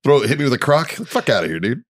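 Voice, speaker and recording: A man's voice: mid-range voice, very animated, fast talker. A man on a podcast joking and ribbing his friends in crude casual chat. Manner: joking, crude, laughs often. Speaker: podcast co-host.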